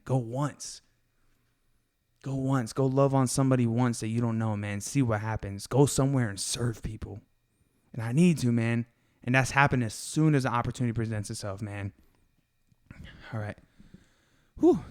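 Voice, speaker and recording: A man's voice: medium pitch, darkish tone. A man hosting a casual faith podcast, talking in an earnest, confessional way, full of slang and emphatic asides. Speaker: podcast host.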